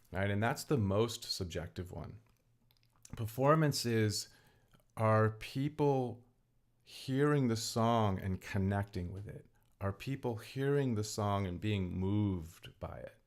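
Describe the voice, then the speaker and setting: Low-voiced man casually explaining. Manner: conversational, frequent "right?" tags and fillers; explaining, thinking aloud with restarts. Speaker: vlogger and hobby singer. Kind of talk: casual spoken talk to camera. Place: home bedroom.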